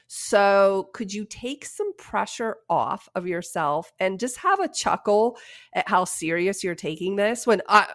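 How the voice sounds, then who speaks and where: A woman in her forties hosting a podcast, giving casual advice with lively stories and frequent laughs. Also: mid-range voice. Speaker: podcast host.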